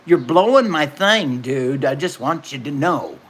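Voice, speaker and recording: A woman's voice: deep voice, lively intonation, unhurried, husky. A middle-aged woman, chatting casually and telling folksy stories while hosting a livestream. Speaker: livestream host.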